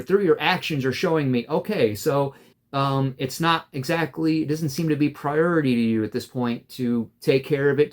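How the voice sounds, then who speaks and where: Aggrieved man venting to camera. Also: mid-range voice. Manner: aggrieved, recounting a quarrel with many fillers and restarts. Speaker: vlogger. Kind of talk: casual storytelling to camera.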